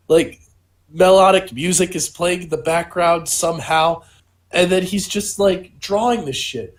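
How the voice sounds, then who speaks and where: A young man with a notably high-pitched voice rambles through a comic story on a casual podcast. He piles up "like" and "you know" as the bit keeps growing. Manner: rambling, absurd storytelling with lots of "like". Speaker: podcast co-host and stand-up comedian.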